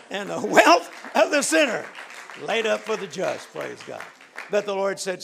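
An older man preaching a fervent sermon, leading the congregation in prayer and shouting praise. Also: high-pitched, sing-song, normal speed, gravelly, breathy edge, some chatter behind. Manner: fervent, shouting preaching with call-and-response prompts.

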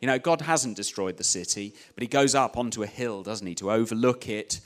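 A man's voice: medium pitch, a little fast. A man preaching a conversational sermon, retelling a story with many "you know" asides. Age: adult, young child at home.

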